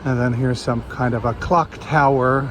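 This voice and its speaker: Walking a city's seaside street, this man vlogs his travels in a relaxed way, musing aloud as he moves. He speaks at a normal speed in a mid-range voice whose intonation stays fairly even. Traffic and outdoor street sounds run underneath.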